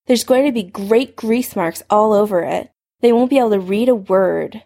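A woman's voice: mid-range voice, moderate pace, vocal fry, dark tone, natural voice. A woman voicing a cocky teenage wizard who mocks his rival with a cool sneer, in a story reading.

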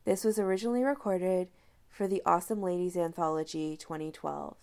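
Gravelly-voiced woman reading a story. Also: on the low side, steady tone, brisk, darkish tone. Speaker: podfic reader. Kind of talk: storybook narration.

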